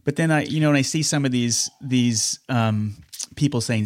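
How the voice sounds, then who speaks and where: A man's voice: medium pitch, a little mellow, dry recording. A man hosting a conversational interview, rambling and restarting as he searches for words. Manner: reads sponsor ad quickly. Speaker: podcast host.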